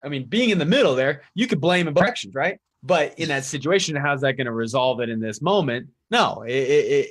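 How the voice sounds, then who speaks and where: A man co-hosting a talk show, talking things through in a reflective way with rhetorical questions. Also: medium pitch. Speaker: co-host. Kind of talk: casual talk show discussion.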